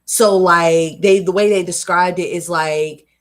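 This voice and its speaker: A woman's voice: on the low side, steady tone, measured pace. A woman from North Carolina with a light Southern accent, reading a book aloud on her livestream and breaking off into blunt, swearing asides. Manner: chatty, blunt, swears freely in digressions.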